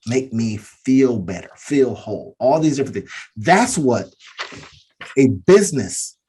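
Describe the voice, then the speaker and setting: A man's voice: mid-range voice, lively intonation, unhurried, mellow, a little hiss or hum. A man co-hosting a business podcast, giving an earnest motivational talk that keeps repeating its key phrases. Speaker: podcast co-host.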